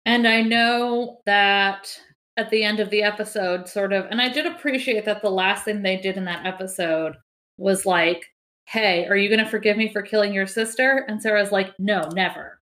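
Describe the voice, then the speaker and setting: A woman's voice: mid-range voice, moderate pace, fairly bright tone. A woman co-hosting a TV recap podcast, talking things through thoughtfully and hedging with "I mean.". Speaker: podcast co-host. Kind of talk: casual TV recap chat.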